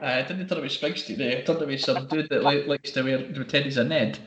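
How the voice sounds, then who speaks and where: A man's voice: medium pitch, steady tone, quick pace, a bit bright, echoey room, lo-fi sound. A Scottish man in casual chat, telling stories with slang and laughter.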